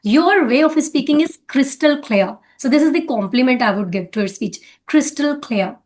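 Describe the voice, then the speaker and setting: A woman's voice: sits high, expressive, normal speed, a little mellow. A woman with an Indian English accent, coaching in a casual talk about speaking English and often checking in with "right?".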